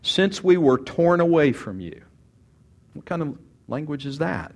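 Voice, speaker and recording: A man preaching a sermon and teaching from scripture, swinging from loud emphatic bursts to quiet asides and acting out quoted speech. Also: fairly high pitch, unhurried. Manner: animated, rises loud for emphasis, then drops quiet; acts out quoted speech, repeats words. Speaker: pastor.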